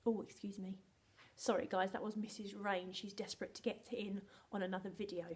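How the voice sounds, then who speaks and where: An English woman teaching a remote phonics lesson to young children, playful and animated, slipping into whispers and sounding out words slowly. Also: mid-range voice. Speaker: primary school teacher.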